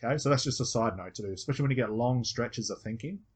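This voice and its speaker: A man's voice: medium pitch, racing, breathy edge. A man with an Australian accent coaching a student one on one, patiently explaining step by step and acting out example phrases. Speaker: hypnosis coach.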